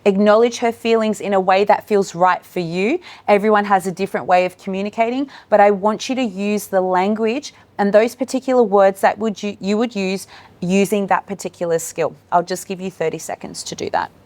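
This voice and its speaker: A woman's voice: mid-range voice, a little fast. A woman presenting a live training workshop for educators, speaking in an encouraging way to people in the room and online. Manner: warm, encouraging, addresses room and online audience. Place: meeting room with in-person and online attendees.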